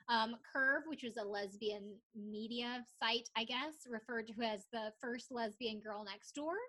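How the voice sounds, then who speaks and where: Young woman, podcast co-host, casual chat, slightly high voice, animated storyteller, swears freely. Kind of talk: casual chat recapping reality TV.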